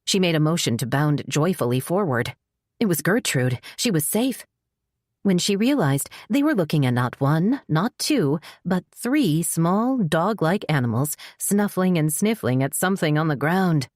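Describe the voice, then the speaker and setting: A woman with a low voice narrates an audiobook in a steady, measured way. The recording is dry and close, with no room sound. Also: no echo. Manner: measured storytelling. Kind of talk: scripted narration.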